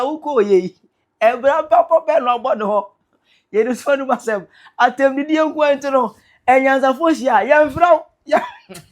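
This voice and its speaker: Animated Ghanaian woman commentator. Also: sits high. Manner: excitable, teasing, reads out viewer comments. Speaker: online commentator.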